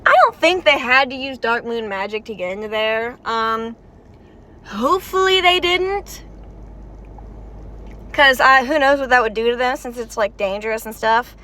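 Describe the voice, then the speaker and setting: A woman's voice: a little high, moderate pace, pushed and bright, slight background noise. A woman reacting to a game's story in casual, emotional vlog commentary, chatty and full of "like" fillers. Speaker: game story reaction vlogger.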